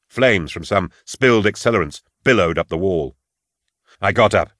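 Grave, low-voiced man reading an audiobook. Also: fairly bright tone, no echo, studio quality. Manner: grave, measured and sombre. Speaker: audiobook narrator. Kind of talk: scripted first-person audiobook narration.

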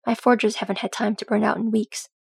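A woman reading a storybook, voicing a regal dwarf queen and smith with a low, roughened voice. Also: flat delivery, quick pace, darkish tone, dry recording, studio quality, exaggerated voice.

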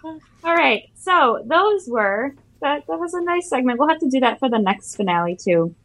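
A woman's voice: high-pitched, very animated, normal speed, fairly bright tone, dry recording, rough recording. A woman hosting a casual podcast chat, playful as she steers the discussion into the next topic. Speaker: podcast host.

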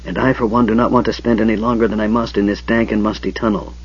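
A frail male mage speaks in a breathy, wheezing whisper, every word cold and measured, as a man reading the story puts him on. The voice sits low and husky. The sound is dry and dull, like a lo-fi audiobook recording. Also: little pitch movement. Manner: measured, coldly logical.

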